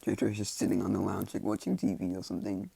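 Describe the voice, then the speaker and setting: Talking fast in a flat, low voice that's deeply gravelly, dark and husky, a man casually spins fan fiction ideas into a rambling made-up story. He starts and stops repeatedly, leaning on "like" and "you know," and the recording is dry, close, plain and free of echo.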